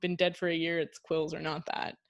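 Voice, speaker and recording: A woman guest chatting casually and telling lively anecdotes, acting out her dog's thoughts. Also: low-pitched, a little fast. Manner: lively storyteller who mimics her dog.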